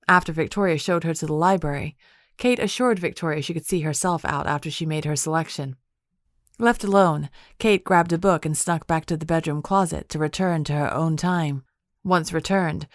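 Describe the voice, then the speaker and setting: Female audiobook narrator, measured, lowish dry voice. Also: no room sound.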